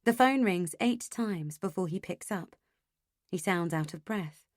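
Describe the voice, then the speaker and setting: A woman reading a first-person audiobook in an expressive, emotionally engaged way. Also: fairly low pitch, measured pace, no echo, clean studio sound. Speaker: audiobook narrator.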